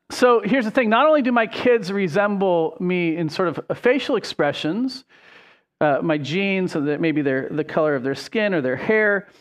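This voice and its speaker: Chatty higher-voiced male pastor. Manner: casual and chatty, with frequent ums and self-corrections. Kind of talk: conversational sermon.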